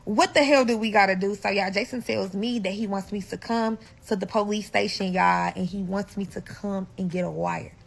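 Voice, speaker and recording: A woman from St. Louis telling a personal story to her viewers in a casual storytime vlog, animated and full of profanity. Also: medium pitch, normal speed, vocal fry, hardly any pauses. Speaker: storyteller vlogger.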